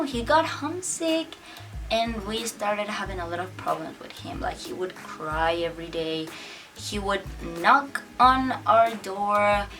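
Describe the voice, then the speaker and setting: A woman's voice: mid-range voice, fairly bright tone, distant mic. A young woman chatting casually to camera as she tells a personal story, filling her talk with "like" and acting out what people said. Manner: chatty, many "like" fillers, acts out quotes. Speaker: vlogger telling a personal story.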